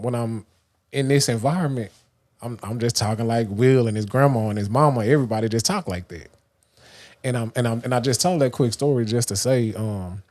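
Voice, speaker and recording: A man's voice: mid-range voice, a little mellow. Man, livestream host, rambling motivational talk, mid-range voice. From Dallas, Texas. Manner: loose and rambling, many restarts and fillers. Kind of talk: casual motivational monologue.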